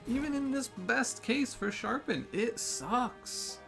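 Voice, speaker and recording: A man talks through a card game run in a relaxed, chatty way, with jokey, exasperated outbursts. His pitch swings widely from phrase to phrase. Game music plays clearly behind his voice. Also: moderate pace, hardly any pauses. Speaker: gaming streamer. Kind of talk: casual gameplay commentary.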